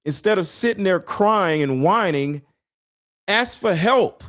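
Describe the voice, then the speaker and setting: Blunt, animated man ranting. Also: high-pitched, slow, no room sound, studio quality. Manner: blunt, preachy, swears, rises to shouting. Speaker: commentary vlogger reacting to clips. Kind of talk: animated reaction commentary.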